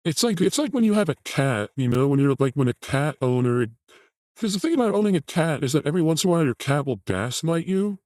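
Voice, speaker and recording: A man's voice: fairly high pitch, expressive, quick pace, darkish tone, dry recording, clean studio sound. A man hosting a show, commenting on a video clip in a mocking, crude rant. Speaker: host reacting to a video clip.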